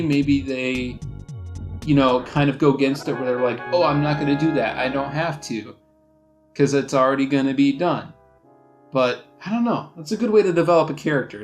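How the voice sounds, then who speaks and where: A young man casually commenting while playing a video game, musing aloud with lots of fillers. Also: on the high side. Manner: rambling, musing, with fillers and laughs. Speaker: let's play host.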